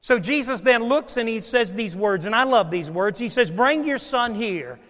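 A man with a high voice preaches to a congregation, his words trailing off into a long hall reverb. He swings from loud, emphatic declarations to hushed, quiet asides as he works through scripture. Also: normal speed. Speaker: pastor. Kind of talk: sermon.

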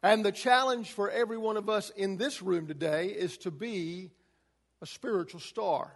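A man's voice: high-pitched, moderate pace, in a large hall. A man preaching a sermon to a congregation, emphatic, his delivery rising and falling. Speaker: pastor.

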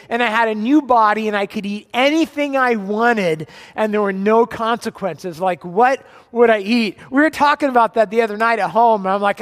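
A man's voice: very high voice, normal speed, fairly bright tone. A man in his forties preaching a sermon as pastor, conversational and joking as he tells family stories. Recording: long reverb of a large hall.

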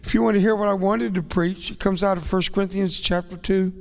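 A man's voice: sits high, steady tone, fairly quick, gravelly. A man preaching as a guest in a Pentecostal church, folksy and rambling, with self-deprecating asides and a voice that rises and breaks into tearful whispers. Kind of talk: emotional Pentecostal sermon. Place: church sanctuary. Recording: long church reverb.

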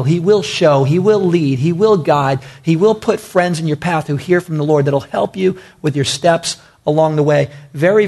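A male pastor preaching with a slightly higher voice. He repeats short phrases for emphasis and calls his listeners "guys". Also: a little mellow. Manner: emphatic and repetitive, talks to the congregation as "guys". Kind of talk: sermon.

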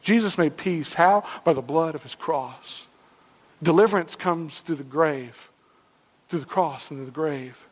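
A man's voice: fairly high pitch, a little slow. A man preaching a sermon as pastor, firing off rhetorical questions and repeating points for emphasis. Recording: long reverb of a large hall.

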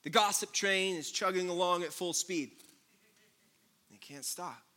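Pastor guy giving a sermon, high bright voice, jokey then quiet and serious. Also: a little slow. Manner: humorous, shifts between loud jokes and quiet earnest passages.

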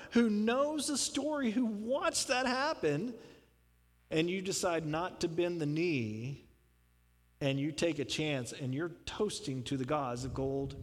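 Fervent preacher man in echoing hall. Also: on the high side. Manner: emphatic, rising to fervent appeals. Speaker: pastor. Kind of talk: sermon. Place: church sanctuary. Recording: long hall reverb.

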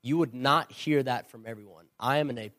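An earnest man speaking as a missionary at a church question-and-answer session. He is emphatic and openly opinionated, with a mid-pitched voice and a dry, close sound with no room echo. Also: normal speed, a bit bright. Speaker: missionary and former pastor.

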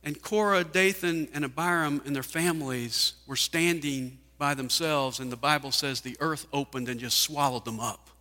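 A man's voice: fairly high pitch, normal speed, few pauses, pushed and bright. A man preaching a sermon, firing off rhetorical questions with emphasis. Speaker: pastor. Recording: hall reverb.

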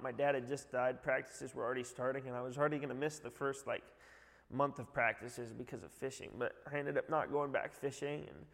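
A man's voice: mid-range voice, creaky, in a large hall. A man, a youth director, giving a heartfelt church testimony, rambling with many fillers.

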